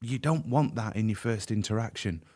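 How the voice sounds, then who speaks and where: A man's voice: fairly low pitch, moderate pace, a little mellow. A man speaking as a podcast guest, earnest and emphatic, often repeating words as he goes. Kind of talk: candid podcast conversation.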